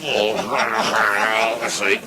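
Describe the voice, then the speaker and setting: Guy doing a grubby old tramp, deep leering mutter, live crowd laughing loud. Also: little pitch movement, extremely slow, poor audio.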